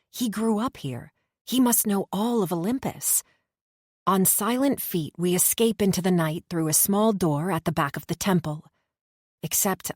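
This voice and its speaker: Low-voiced woman narrating an audiobook. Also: dry recording, clean studio sound. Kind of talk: first-person audiobook narration.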